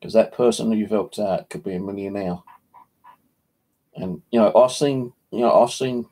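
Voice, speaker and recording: A man's voice: fairly low pitch, normal speed, warm tone, breathy edge. A man hosting a paranormal channel, chatting casually in a rambling, sweary way with constant filler. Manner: rambling, sweary, heavy "you know" filler. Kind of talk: casual livestream chat.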